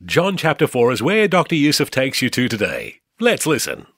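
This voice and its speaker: A man's voice: mid-range voice, huge pitch swings, moderate pace, husky, dry recording. A man reading a scripted introduction for a radio program in a friendly announcer delivery. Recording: dry studio voice over soft music.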